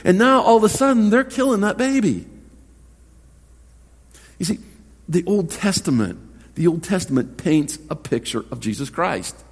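A man's voice: high-pitched, lively intonation, normal speed, pauses often, husky. A man preaching a sermon as pastor, earnest and conversational, often repeating words as he starts a thought. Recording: long hall reverb.

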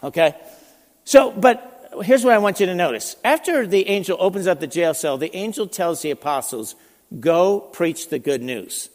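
A man preaching a sermon, telling stories in an animated, conversational way with frequent restarts. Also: high voice, normal speed, long reverb tail. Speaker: pastor. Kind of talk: sermon storytelling.

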